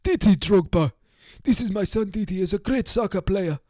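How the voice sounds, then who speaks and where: A man voicing a proud middle-aged father of a soccer star, raspy, with a put-on Russian accent. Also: sits high, moderate pace, dark tone, no room sound, clean studio sound, pitched above the performer's own voice.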